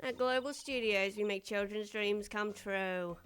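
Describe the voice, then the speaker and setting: A woman's voice: mid-range voice, measured pace, a bit bright, a little hiss or hum, natural voice. A woman voicing a grouchy, chatty old woman security guard who scolds and gossips, reading game dialogue. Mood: gossipy. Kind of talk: video game voice-over reading.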